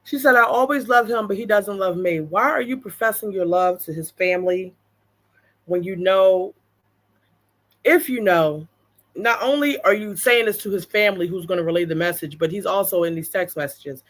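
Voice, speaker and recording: A woman's voice: lowish voice, normal speed. A woman hosting a reaction channel, reading viewer comments aloud and giving blunt, exasperated opinions with frequent swearing.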